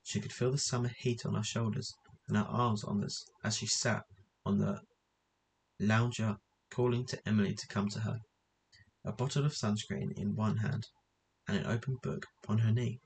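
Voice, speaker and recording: A man with a low voice reads a novel aloud at a steady pace. He now and then trips over a word and goes back over it, with a faint hiss under the recording. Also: moderate pace, creaky, low-quality recording. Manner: steady reading with occasional slips and restarts. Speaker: audiobook reader. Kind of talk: novel reading.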